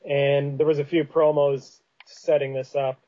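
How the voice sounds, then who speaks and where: A man's voice: fairly high pitch, level tone, unhurried, dark tone. Man, Canadian Prairies accent, casual podcast chat, rambling, muffled lo-fi audio. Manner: rambling, many fillers and restarts. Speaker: podcast host.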